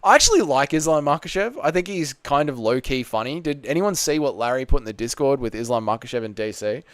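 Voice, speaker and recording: An Australian podcast host runs a livestream from a room at home with the balcony window open, reading viewer comments aloud and answering them in casual banter. His mid-range voice is expressive and a bit bright, he talks fast, and there's no echo.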